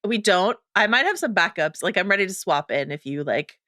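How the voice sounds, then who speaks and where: A woman's voice: mid-range voice, animated, a little fast, sharp tone, dry recording, clean studio sound. A woman co-hosting a casual pop-culture podcast, playful and wordy with many fillers and rambling asides. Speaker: podcast co-host.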